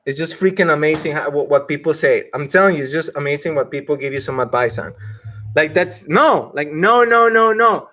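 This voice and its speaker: A man's voice: on the high side, lively intonation, a little fast, sharp tone, slight background noise. A man coaching people on IT careers during a live stream, emphatic, often laughing and acting out mock quotes.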